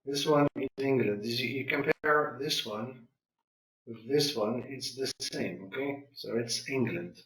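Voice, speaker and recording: A man's voice: medium pitch, unhurried, a bit bright, echoey room, far from the mic, low-quality recording. A male English teacher leading a classroom lesson, patiently prompting students and repeating their answers.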